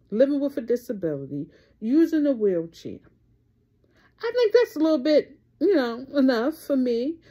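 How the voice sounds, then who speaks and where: A woman in her thirties, a vlogger giving her viewers an emphatic motivational talk and slowly stretching out the words she stresses. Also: a little high, warm tone. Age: 30s. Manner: talks straight to her viewers. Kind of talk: casual motivational vlog talk.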